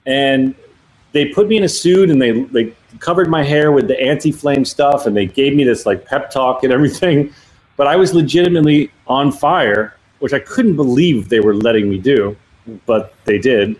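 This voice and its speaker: A man's voice: mid-range voice, moderate pace, rough recording. A man co-hosting a live podcast, chatting casually and laughing often. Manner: animated, laughing, swearing freely. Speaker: podcast co-host.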